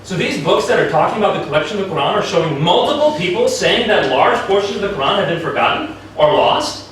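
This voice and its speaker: Man, formal debate speech, argumentative, emphatic pitch jumps, distant mic, very echoey hall. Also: big pitch swings, a bit bright, a little hiss or hum. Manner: argumentative, citing sources in quick succession.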